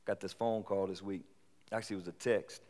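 A man's voice: low-pitched, a little fast. Conversational male pastor in a reverberant hall. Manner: conversational, rising to animated bursts. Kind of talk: sermon.

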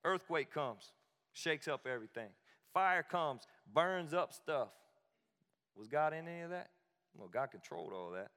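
A man's voice: on the high side, lively intonation, unhurried, sharp tone, in a large hall. A male pastor preaching a sermon in a conversational, emphatic way, with asides and repeated phrases.

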